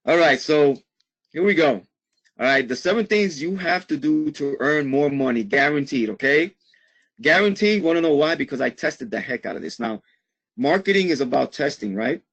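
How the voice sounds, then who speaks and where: A man's voice: medium pitch, expressive, moderate pace, a bit bright. A man teaching a live online marketing webinar in an upbeat way, checking in with "okay?" after almost every phrase.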